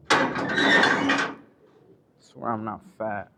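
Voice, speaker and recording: A man's voice: lowish voice, a little slow, background noise. A man who drives trucks, chatting casually for his vlog in a laid-back, slangy, rambling way while out at a truck yard.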